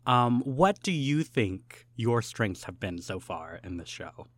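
Guy cohosting a jokey podcast, mid-pitched voice, goofy and mock-serious, gets loud when excited. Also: takes it slowly, dry recording. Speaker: podcast co-host. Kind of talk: casual comedic podcast chat.

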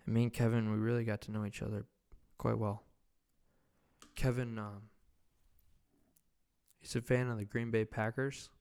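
A man's voice: on the low side, level tone, normal speed, gravelly, long pauses, a little mellow, clean tone. A young man hosting a podcast, telling a loose, profane, rambling anecdote in casual chat. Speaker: podcast host.

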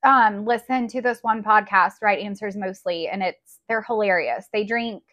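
A woman's voice: medium pitch, normal speed, fairly bright tone, dull audio. A young adult woman co-hosting a casual podcast chat, talkative and easygoing, recorded on a phone. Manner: chatty, many "like" fillers, laughs. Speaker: podcast co-host.

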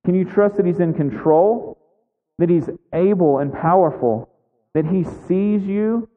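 The pastor's voice sits high and keeps a measured pace as he preaches in a church sanctuary. Earnest yet conversational, he keeps pushing the congregation with repeated questions, captured with phone-like audio echoing through the hall.

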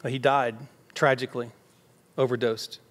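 An unhurried pastor with a mid-range, level-toned voice gives a conversational sermon, staging everyday dialogue in quoted voices. The church sanctuary's long hall reverb surrounds him, with faint music behind.

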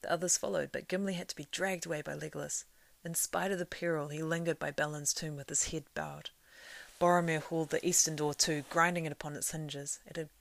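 A woman reads a story aloud in a low, gravelly voice. She keeps a steady storytelling line and lets it swell in the action. The sound is close and dry, with no room around it. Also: no echo. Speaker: reader. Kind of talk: reading a novel aloud.

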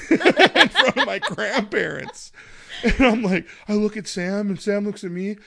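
A man's voice: high-pitched, lively intonation, slow pace, vocal fry, sharp tone, no echo, studio quality. A man in his thirties hosting a podcast, telling profane family stories in casual chat and laughing often. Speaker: podcast host.

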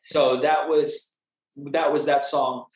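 A man, a music producer and artist, chatting upbeat in an interview, often pausing with "uh" and "um". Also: fairly high pitch, flat delivery. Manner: upbeat, chatty, with hesitant "uh" and "um" restarts. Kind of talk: casual interview talk. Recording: echoey room.

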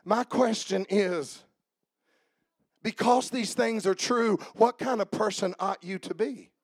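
Male pastor in his forties, high voice, dry close sound; preaches with shouted peaks and soft asides. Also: takes it slowly, breathy edge, dry recording. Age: 40s. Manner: shouting and half-singing at climaxes; quiet conversational storytelling. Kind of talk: sermon. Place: church.

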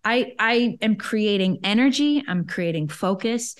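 A woman who coaches entrepreneurs tells a personal story as a guest in an interview. Her voice sits at an ordinary middle pitch. She is chatty and lively, peppers her talk with "like", and acts out her own past thoughts as she goes. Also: unhurried. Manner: lively, self-quoting, chatty with frequent "like".

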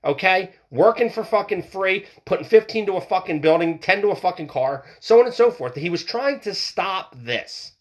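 A man's voice: sits high, animated, moderate pace, hardly any pauses. A man ranting heatedly, swearing often and repeating himself as he works up his argument. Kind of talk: political rant monologue.

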